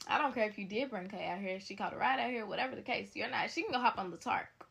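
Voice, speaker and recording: A young woman telling a story in a casual, blunt, animated way, talking straight to her viewers. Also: medium pitch, fast talker, gravelly, husky.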